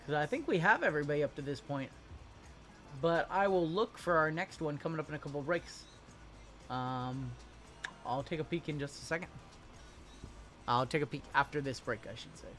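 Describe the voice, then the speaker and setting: A man hosting a live-stream card break, chatty and reading lists of names quickly. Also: fairly high pitch, fairly bright tone, faint music behind.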